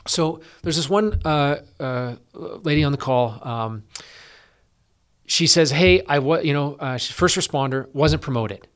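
A middle-aged man from Canada, a police officer guest, talking in a casual interview with lots of fillers and restarts. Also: fairly high pitch. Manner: energetic, quick, with many fillers and restarts.

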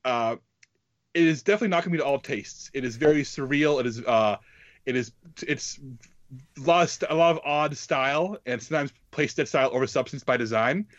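A man's voice: medium pitch, a little fast, dry recording, lo-fi sound. A man in a casual film talk, often restarting and repeating words. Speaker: film podcast co-host. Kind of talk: casual chat.

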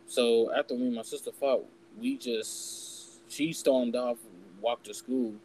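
A man's voice: mid-range voice, fairly even intonation, unhurried, darkish tone, rough recording. Young guy just chatting on a podcast, candid, cusses a lot, voice sits mid-range, bit of faint noise behind. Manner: candid, swears freely, acts out quoted voices. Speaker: podcast host. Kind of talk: casual storytelling chat.

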